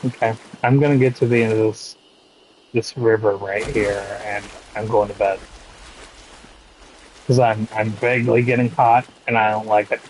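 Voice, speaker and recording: A man streaming a game, chatting with his audience in a slow, laid-back way with lots of swearing. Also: fairly low pitch, fairly even intonation, a little hiss or hum, rough recording. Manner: slow, laid-back, profane banter with chat. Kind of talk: casual gaming stream chat.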